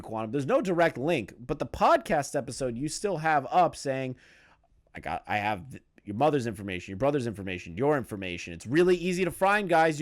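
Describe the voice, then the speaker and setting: A young man hosting a reaction commentary, profane and incredulous, often breaking into disbelieving laughter. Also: fairly high pitch. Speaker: commentary channel host.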